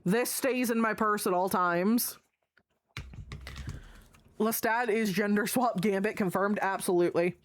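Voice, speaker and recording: A woman's voice: mid-range voice, steady tone, unhurried, long pauses, a little hiss or hum. A woman streamer chatting casually and rambling as she shows items to her live chat, swearing freely. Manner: chatty, profane, rambling show-and-tell. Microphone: desk mic.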